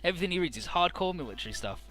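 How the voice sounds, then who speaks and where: A man's voice: high-pitched, big pitch swings, very fast, a bit bright, soft background music. A man casually recapping a game's story in an offhand, profane, amused way, with frequent "uh"s.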